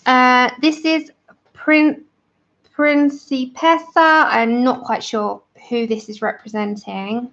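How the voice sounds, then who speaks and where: A woman's voice: high-pitched, fairly even intonation, slow, fairly bright tone. Chatty woman streaming, muffled sound. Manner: chatty and enthusiastic, greets viewers by name. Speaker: livestream host of a colouring channel. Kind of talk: casual livestream chat with viewers.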